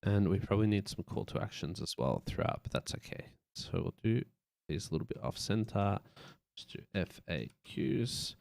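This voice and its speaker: A man's voice: lowish voice, sing-song, normal speed, vocal fry, darkish tone, no echo. A man streaming live, casually talking through a website layout as he works, rambling and tossing in playful beeps. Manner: thinks aloud, loose and rambling, with playful sound effects. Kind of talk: casual live-stream commentary while working.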